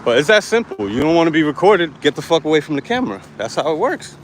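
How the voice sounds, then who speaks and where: A man's voice: a little high, sing-song, fast. Brash, profane man vlogging on city streets. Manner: brash, profane, defiant, talking to camera while walking. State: hot and sweaty. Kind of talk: live-streamed walking vlog. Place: city sidewalks outdoors. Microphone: handheld phone. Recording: faint outdoor street noise. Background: street traffic ambience.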